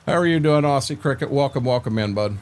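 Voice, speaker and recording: A man's voice: mid-range voice, quick pace, a little mellow. An older man chatting casually with viewers while streaming a farming game, laid-back and rambling, repeating words and filling gaps with "uh".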